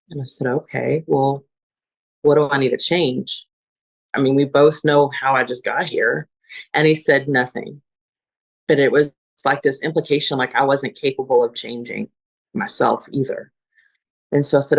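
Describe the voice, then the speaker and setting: A woman's voice: a bass voice, normal speed, vocal fry, slightly rough, rough recording. A woman, a mother, earnestly recounting her near-death experience, searching for words as she recalls it. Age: adult with children. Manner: earnest, searching, restarts and fillers while recalling. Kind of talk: emotional personal testimony.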